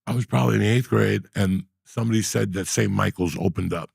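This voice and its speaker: A middle-aged man tells his stories with a rough, gravelly rasp in a lowish register. He gets animated and profane as he talks. The sound is close and dry, with no room around it. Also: quick pace, no echo. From New Jersey. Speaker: podcast host. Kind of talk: storytelling in casual chat.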